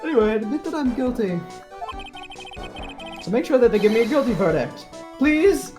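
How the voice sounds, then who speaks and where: A man's voice: extremely high pitch, expressive, moderate pace, over music, pitched above the performer's own voice. A man voicing a panicky young man who frantically pleads to be found guilty, in a fan voice dub. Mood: pleading.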